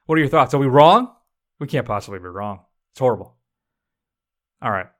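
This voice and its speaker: Male podcast co-host, casual film review chat, animated and joking, mid pitch. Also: a little fast.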